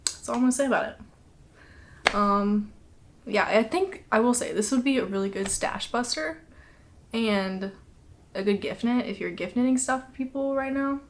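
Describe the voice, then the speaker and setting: A woman's voice: on the high side, normal speed, pauses often, slight background noise. A young woman hosting a knitting podcast, chatting casually, laughing often and a little out of breath. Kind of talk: casual chat.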